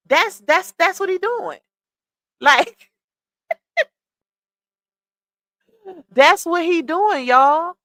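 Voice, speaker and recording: A woman's voice: sits high, very animated, slow, long pauses, sharp tone, no room sound. A woman hosting a casual livestream, chatting with viewers, reading comments aloud and laughing often. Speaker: livestream host.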